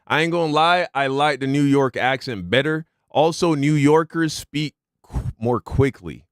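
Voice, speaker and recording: Chill guy reacting on stream, smooth voice, dry close mic, slangy and rambling. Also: a little high, measured pace, no echo. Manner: laid-back, muses aloud with slang. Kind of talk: casual reaction commentary.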